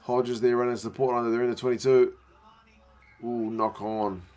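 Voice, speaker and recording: A man's voice: medium pitch, level tone, moderate pace, a little mellow. A man hosting a casual live watch-along from his living room, chatting and answering viewers' questions. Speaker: livestream host.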